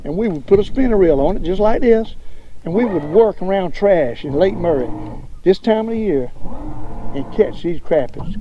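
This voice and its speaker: An older man with a Southern accent, hosting a fishing show outdoors on a lake, talking in a folksy, drawling way and getting excited over each catch. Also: high-pitched, lo-fi sound, background noise. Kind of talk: casual fishing commentary.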